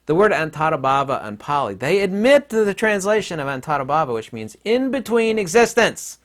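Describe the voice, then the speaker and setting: Blunt middle-aged man, lively pitch. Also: a little fast. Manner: blunt and combative, with mocking asides. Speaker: online commentator. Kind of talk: opinionated monologue.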